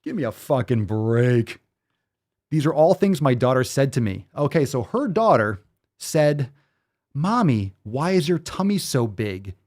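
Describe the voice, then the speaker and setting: A man's voice: medium pitch, very animated, measured pace, a little mellow. Guy ranting on his fitness stream, sarcastic and swearing a lot, voice swinging all over. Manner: sarcastic, profane, incredulous rants. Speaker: fitness show host. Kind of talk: ranting live-stream commentary.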